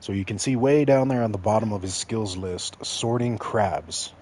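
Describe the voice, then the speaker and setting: A man's voice: on the low side, normal speed, a little mellow, a little hiss or hum. A man from Mexico giving casual, joking commentary while streaming a video game and talking straight to his chat.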